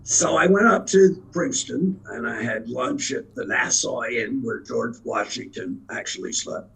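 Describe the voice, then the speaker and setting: A man's voice: mid-range voice, unhurried, gravelly, a bit bright, breathy edge, low-quality recording. A man in his seventies, an actor telling rambling, self-deprecating anecdotes in an interview. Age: 70s. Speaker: actor and guest. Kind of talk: storytelling interview.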